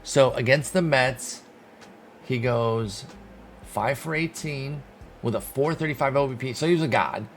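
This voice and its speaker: A man giving casual, excitable commentary while playing a sports video game, talking to his viewers and mocking himself. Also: mid-range voice, unhurried, a little hiss or hum. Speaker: gaming video host.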